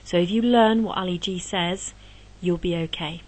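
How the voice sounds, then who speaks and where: A woman history teacher giving an exam revision lesson, explaining answers step by step in a brisk, encouraging way. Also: on the low side, a little mellow, a little hiss or hum, rough recording.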